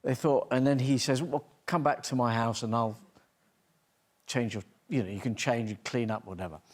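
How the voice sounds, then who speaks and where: A man's voice: mid-range voice, fairly even intonation, normal speed. A man on a talk show telling a rambling, self-deprecating story with many restarts. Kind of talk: anecdote telling.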